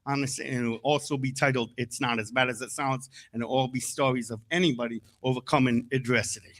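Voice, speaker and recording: Bright-voiced joking comedian, a man. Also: mid-range voice, steady tone, fast. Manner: jokey, rambling, self-deprecating. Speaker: comedian guest. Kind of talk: casual interview chat.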